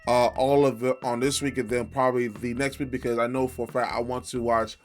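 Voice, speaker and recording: A man's voice: mid-range voice, level tone, brisk, soft background music. A man hosting a reaction video, chatting casually and laughing along with a comedy special. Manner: laid-back, laughs along, repeats punchlines.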